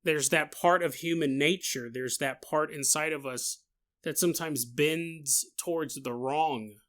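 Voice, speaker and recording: Bright-voiced joking male podcast host. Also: a little high, measured pace. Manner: animated, jokey, laughs at own asides. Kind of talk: casual storytelling.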